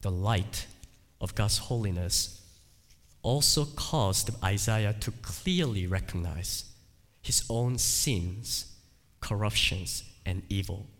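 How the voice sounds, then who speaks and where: A male pastor preaching a sermon in an emphatic, deliberate way, with dramatic dips and swells. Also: fairly low pitch. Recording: long hall reverb.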